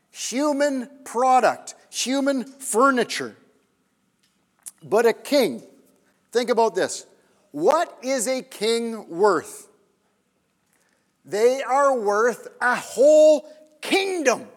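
High-voiced man preaching in an echoing hall. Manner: emphatic, questioning the audience, drops to near-whispers. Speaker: pastor. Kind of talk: sermon. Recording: long reverb of a large hall.

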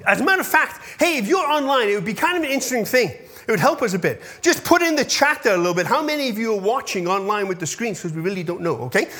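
A man's voice: high voice, lively intonation, quick pace, few pauses, bright, forceful tone. A man in his fifties, a pastor giving a casual update to his congregation, chatty and often checking in with his listeners, easily moved when he thanks them. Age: 50s.

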